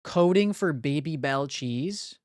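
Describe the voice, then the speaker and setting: Profane, slow-talking live streamer. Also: mid-range voice, expressive, darkish tone, dry recording, studio quality. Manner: thinks aloud, blunt and profane banter with chat. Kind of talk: casual live-stream chat while solving word puzzles. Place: home streaming room.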